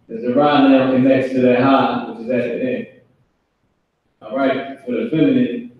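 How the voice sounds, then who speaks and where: A man teaching a casual class in a loose, conversational way, acting out family scenes in quick character voices. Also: mid-range voice, flat delivery, phone-quality sound. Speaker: Hebrew language teacher. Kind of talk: casual live online class. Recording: very echoey room, voice from a distance.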